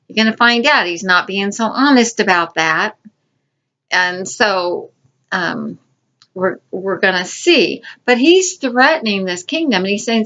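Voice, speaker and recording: A woman's voice: mid-range voice, animated, a little slow, pushed and bright, dull audio. Woman teaching an informal Bible lesson. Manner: informal, repeats and restarts words.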